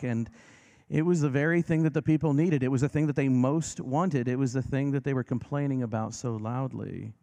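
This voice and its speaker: Gravelly pastor preaching gently. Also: male voice, mid-range voice. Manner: gentle, reassuring, slows down for emphasis. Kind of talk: sermon.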